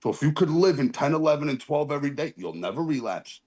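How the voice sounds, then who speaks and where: A man's voice: on the high side, big pitch swings, quick pace, darkish tone, husky. A man sharing at a recovery meeting over his phone on a video call, earnest and rambling, apologizing for his swearing. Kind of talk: casual heartfelt share.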